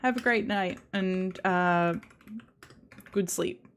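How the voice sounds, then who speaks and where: A woman's voice: mid-range voice, slow pace, clear, resonant tone. A young woman with an Australian accent, chatting casually with viewers on a live stream, rambling and restarting her sentences with giggles. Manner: rambling, self-interrupting, giggly.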